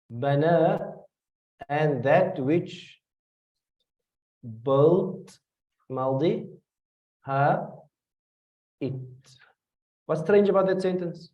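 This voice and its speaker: A man with a South African accent teaching a class, asking his students questions and repeating phrases as he explains. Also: fairly high pitch. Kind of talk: classroom tafsir lesson. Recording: dull lo-fi classroom recording from a distance.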